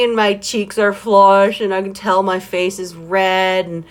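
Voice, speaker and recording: A woman's voice: mid-range voice, little pitch movement, unhurried. A middle-aged woman talking casually in a personal vlog, rambling and laughing often as she acts out what others say. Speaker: vlogger.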